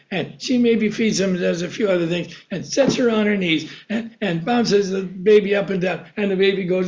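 Male pastor, high voice, sermon of rhetorical questions, dull lo-fi recording. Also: moderate pace, few pauses, darkish tone. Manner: rhetorical questions, answering himself.

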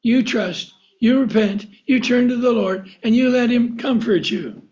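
Male pastor, high voice, sermon of rhetorical questions, dull lo-fi recording. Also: lively intonation, a little slow, hardly any pauses. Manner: rhetorical questions, answering himself.

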